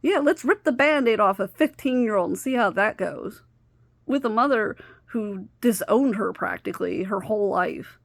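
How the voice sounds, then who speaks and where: A woman's voice: mid-range voice, vocal fry, dry recording. A woman vlogger candidly telling a painful personal story, swearing and sometimes dropping to a near whisper. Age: adult stepmother of a teenager.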